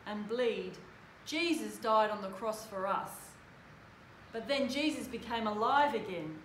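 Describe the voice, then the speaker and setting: A woman reading a children's story aloud at church, slow and expressive, then explaining its meaning to children. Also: fairly high pitch. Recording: roomy hall with background noise.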